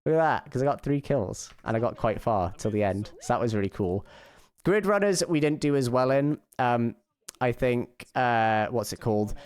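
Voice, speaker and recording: Man, streamer, casual recap, excited, emotional, rambling, restarts often. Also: mid-range voice, normal speed, smooth, no room sound.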